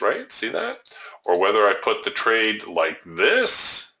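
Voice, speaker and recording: A man's voice: fairly low pitch, wildly swooping pitch, takes it slowly, pushed and bright. A man teaching a trading webinar over a chart, talking emphatically and asking the audience rhetorical questions. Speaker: trading educator. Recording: muffled lo-fi webinar audio.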